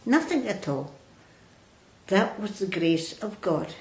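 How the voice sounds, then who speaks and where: Slow, reflective older woman in an echoey room. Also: mid-range voice, very animated. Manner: slow, reflective, with restarts and hesitations. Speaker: Catholic religious sister. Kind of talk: reflective personal storytelling in an interview. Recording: roomy echo.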